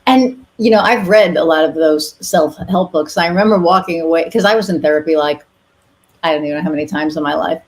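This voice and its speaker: Candid low-voiced woman host. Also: fairly quick. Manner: chatty, candid, swears casually, many fillers and restarts. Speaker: podcast host. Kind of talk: casual interview chat.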